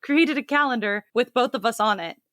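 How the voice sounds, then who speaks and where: A woman co-hosting a casual podcast, chatty and quick to laugh. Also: on the high side, fairly bright tone, no room sound. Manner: giggly, chatty, laughs often. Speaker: podcast co-host. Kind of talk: casual chat.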